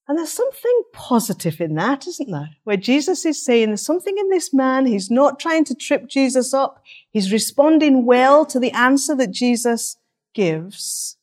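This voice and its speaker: A woman preaching an interactive sermon in a conversational, teaching manner. Her voice sits fairly high and moves a lot, rising and falling as she asks rhetorical questions and sets her listeners talking among themselves. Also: darkish tone.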